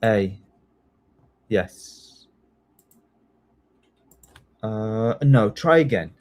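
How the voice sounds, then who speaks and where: A man teaching a live online test-prep class, chatty and excitable, often apologizing as he goes. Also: fairly low pitch, drawn-out words. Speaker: citizenship test tutor.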